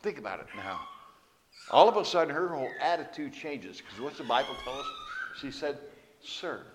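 A man's voice: a little high, wildly swooping pitch, brisk, background noise. A man preaching a sermon in a conversational storytelling way, with asides to the congregation.

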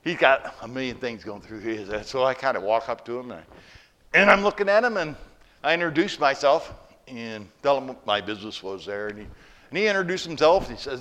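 A man preaching a sermon and telling a story, moving between hushed, quiet lines and loud, emphatic ones. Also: on the high side, a little fast. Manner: animated, swings from hushed to loud. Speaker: pastor.

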